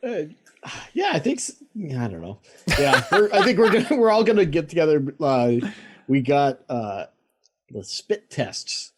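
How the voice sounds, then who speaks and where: A man's voice: a little high, big pitch swings, measured pace, noisy background. Wry male podcast co-host. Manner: dry, wry one-liners. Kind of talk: casual chat.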